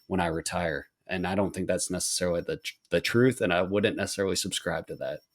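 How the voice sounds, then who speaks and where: A man's voice: deep voice, fast talker. A man hosting a podcast and speaking as a firefighter training officer, talking earnestly in a rambling casual way with many restarts.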